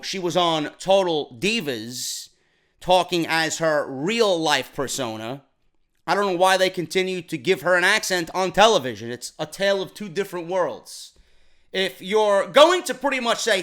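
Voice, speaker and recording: Exasperated, a man rips into a wrestling broadcast in a profane, blunt solo review, stumbling over repeated words along the way. He has a bright, sharp voice pitched high for a man.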